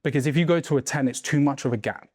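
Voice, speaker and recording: A man's voice: medium pitch, quick pace, no echo, clean studio sound. A man coaching a room of business owners on sales, talking emphatically and checking in with "right?" and "okay?". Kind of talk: mastermind teaching talk. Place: room with a group.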